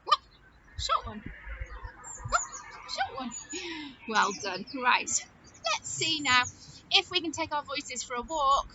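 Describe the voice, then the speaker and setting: A woman's voice: sits high, sing-song, a little slow, muffled recording, very noisy. A woman leading a lesson for young children, playing with her voice in a sing-song, exaggerated way. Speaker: nursery teacher.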